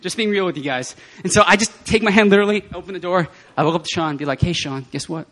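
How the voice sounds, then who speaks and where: Slightly high male voice, prayer meeting speaker, animated testimony sermon, laughs often. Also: very fast, noisy background.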